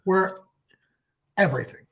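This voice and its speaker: A man co-hosting a casual podcast, recapping scenes in an animated way. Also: a little fast. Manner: animated, acts out quoted lines. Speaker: co-host.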